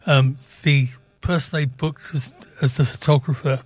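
An older man with grandchildren, co-hosting a radio show and telling relaxed stories with frequent chuckles. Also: mid-range voice, moderate pace, husky. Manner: relaxed storyteller, chuckling often. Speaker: radio co-host. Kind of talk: casual radio banter.

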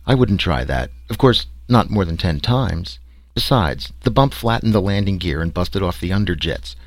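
A man's voice: deep voice, expressive, normal speed, no room sound. A man voicing a wry, sarcastic explorer recounting his trek. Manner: sarcastic, dry storytelling.

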